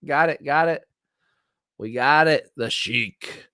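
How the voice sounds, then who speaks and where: Excitable rambling middle-aged man. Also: fairly high pitch, takes it slowly, no room sound, clean studio sound. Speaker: livestream host. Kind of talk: casual livestream chat. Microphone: streaming setup, close mic.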